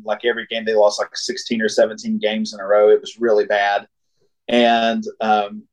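A man's voice: medium pitch, low-quality recording. Man telling a road story, laughing often. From Ohio. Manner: animated, laughs often, acts out quoted voices. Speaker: singer-songwriter guest. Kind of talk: casual storytelling.

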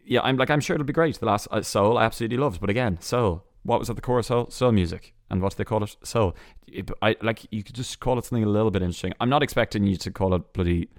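A man hosting a solo entertainment news podcast, chatty and sarcastic, full of quick asides and restarts. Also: on the low side, no echo, clean studio sound. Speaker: podcast host.

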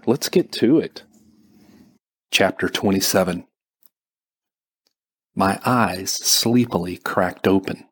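A man narrating a first-person novel as an audiobook, slow and measured. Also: lowish voice, fairly bright tone, breathy edge.

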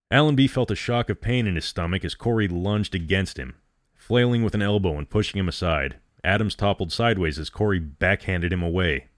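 A man reading a dramatic story aloud as host, in a measured, dramatic way. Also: low voice, dry recording, studio quality.

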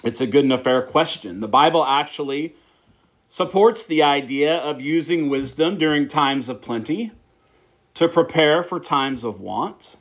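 A man's voice: fairly high pitch, unhurried, muffled recording. A man preaching a sermon, praying and then teaching through a Bible passage with emphatic, repeated phrases. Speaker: pastor.

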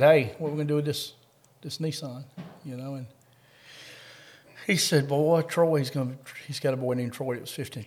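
A middle-aged man from Kentucky with a Southern accent, a coon hunting dog handler telling a story in an interview in a folksy way. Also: medium pitch. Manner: folksy storyteller, laughs through the funny parts.

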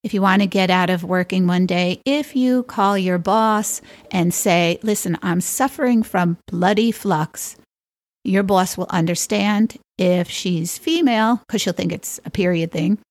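A woman's voice: medium pitch, a little slow, dry recording. A woman hosting a solo podcast, reading down a list and dropping wry, playful asides with the odd chuckle. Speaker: podcast host.

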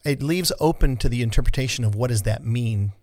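A man co-hosting a casual podcast, easygoing and quick to agree. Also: mid-range voice, a little mellow. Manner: easygoing, brief agreeing replies. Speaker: podcast co-host.

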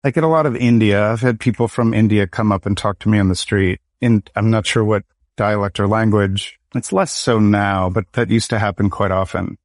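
A man's voice: on the low side, steady tone, normal speed, dry recording, clean studio sound. A middle-aged man from Michigan, an actor and educator, telling stories from his career in a reflective, conversational interview. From Michigan, United States. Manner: reflective, storytelling with quoted dialogue.

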